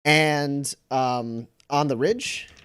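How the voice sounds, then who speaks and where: A man's voice: mid-range voice, steady tone, very slow, a bit bright, clear, resonant tone. A man narrating a tabletop role-playing game as game master, rambling through scenes with many fillers.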